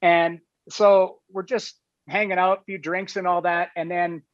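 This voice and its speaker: A man's voice: high voice, level tone, a little slow, dry recording. A man, a guest on a talk show, tells a casual anecdote in a rambling way, full of "like" and "you know". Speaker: guest telling a story. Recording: dull, lo-fi, dry sound.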